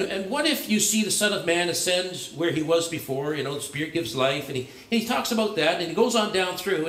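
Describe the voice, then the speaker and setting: Male pastor with a high voice in an echoing church. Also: fairly bright tone. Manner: conversational, searching, frequent restarts and fillers. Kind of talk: sermon. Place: church sanctuary. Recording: echoey church room.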